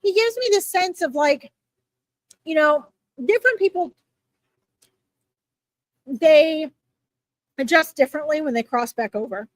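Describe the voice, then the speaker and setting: A woman giving chatty, reassuring readings to viewers on a live stream, with lots of fillers and little pauses. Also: sits high, lively intonation, no echo. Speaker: psychic reader answering viewers.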